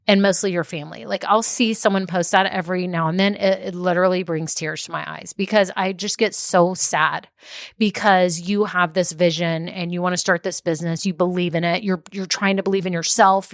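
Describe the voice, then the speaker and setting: A woman's voice: medium pitch, no room sound. Chatty woman, forties, business coach hosting her own podcast; prone to tangents and laughter, mid-range voice, dry close recording. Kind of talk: casual solo podcast talk.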